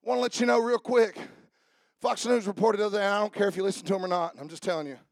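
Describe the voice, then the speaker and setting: Pastor, fiery sermon delivery, high gravelly voice, dry close sound. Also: male voice, fairly even intonation, fast talker, no echo. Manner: fiery preaching, swings from shouting to quiet asides.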